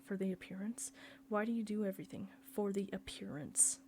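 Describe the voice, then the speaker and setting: A woman's voice: mid-range voice, brisk, mellow, a little hiss or hum, natural voice. A woman reading the part of a scornful middle-aged male surgeon who lectures and accuses his brother. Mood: taunting.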